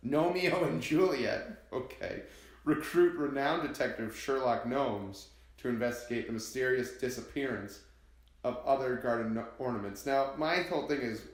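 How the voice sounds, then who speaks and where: A man's voice: medium pitch, moderate pace. A man co-hosting a casual podcast, leading the segments with joking banter. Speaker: podcast co-host. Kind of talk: casual chat. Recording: roomy echo.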